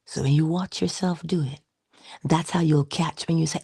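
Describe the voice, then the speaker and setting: A woman hosts a casual motivational livestream in a low, gravelly, husky voice at a moderate pace. Playful, she drifts into breathy whispered asides and bursts into animated quoted voices. The recording is close and dry.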